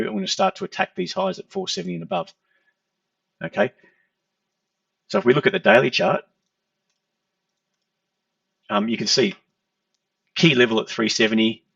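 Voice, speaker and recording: Gravelly man explaining charts. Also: high-pitched, dry recording. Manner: explanatory, conversational, repeats "okay". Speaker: trading educator. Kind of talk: chart walkthrough lesson. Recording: dull lo-fi, distant from mic.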